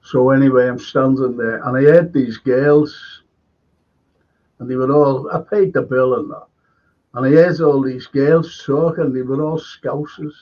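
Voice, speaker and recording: A man's voice: mid-range voice, fairly even intonation, measured pace. A man hosting a livestream, chatting casually and telling rambling anecdotes with many restarts. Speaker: livestream host. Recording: dull lo-fi stream audio.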